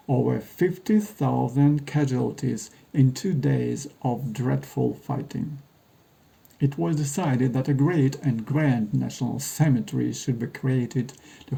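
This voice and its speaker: Male narrator, measured and wry, very dark gravelly tone, scripted read. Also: medium pitch, rough recording.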